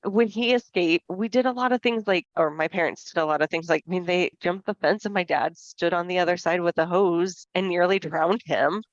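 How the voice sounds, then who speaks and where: A woman in her forties co-hosting a podcast, telling stories in a casual, lively way and acting out the voices of the people she quotes. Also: fairly low pitch, fairly quick, hardly any pauses, dry recording. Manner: lively storyteller who acts out quoted voices. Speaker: podcast co-host. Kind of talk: casual chat. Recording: dull, dry lo-fi podcast audio.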